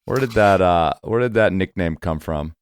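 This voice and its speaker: A man's voice: low-pitched, moderate pace. A man hosting a podcast interview, asking short conversational questions. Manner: brief, conversational prompts. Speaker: podcast host.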